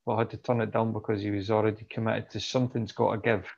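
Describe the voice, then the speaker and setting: A man's voice: fairly low pitch, flat delivery, fast talker, creaky, lo-fi sound. A man, co-hosting a podcast, chatty and reading out film trivia. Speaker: podcast co-host. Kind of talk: casual chat.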